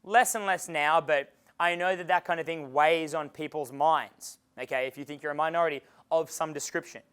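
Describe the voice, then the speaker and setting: A man with an Australian accent giving a live dating-coach seminar in a room with an audience, animated and swearing freely as he acts out dialogues. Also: fairly high pitch, moderate pace, smooth.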